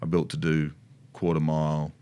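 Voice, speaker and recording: A middle-aged Australian man co-hosts a casual riding chat for a motorcycle dealership, rambling with many restarts and asides. His voice is rumbling low, dark, clear, and resonant, delivered completely flat at normal speed.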